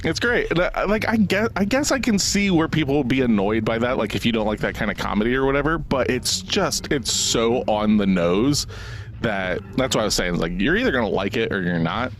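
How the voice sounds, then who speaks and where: A man's voice: medium pitch, lively intonation, brisk, slight background noise. A man co-hosting a podcast about a movie, talking casually, swearing and laughing often as he acts out quoted lines. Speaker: podcast co-host.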